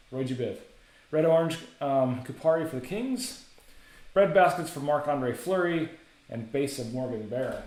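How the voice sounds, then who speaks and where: A man's voice: medium pitch, a little mellow. Male card-break host, casual rattling delivery, echoey room. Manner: casual, chatty, rattles off names. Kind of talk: live card-break commentary.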